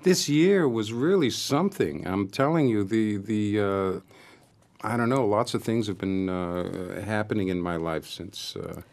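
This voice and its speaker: An older man with a Boston accent and a slightly low voice. He talks as a guest in a relaxed conversation, often restarting his sentences and filling with "uh" as he thinks. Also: creaky. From Massachusetts, US. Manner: halting, many restarts and fillers. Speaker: interview guest, jazz pianist. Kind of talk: casual conversation.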